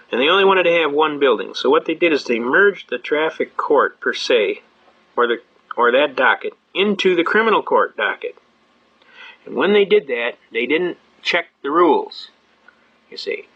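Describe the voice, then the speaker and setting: A man's voice: a little high, sharp tone, muffled recording. An older man speaking at a seminar, telling stories in a folksy, conversational way, emphatic and repeating himself. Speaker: seminar speaker on constitutional rights. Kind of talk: folksy storytelling lecture.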